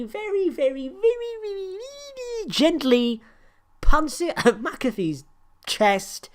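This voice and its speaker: A woman with a fairly high voice tears through a wrestling recap, swearing freely. Her storytelling is animated and ranting, and laughter keeps breaking through. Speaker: podcast co-host.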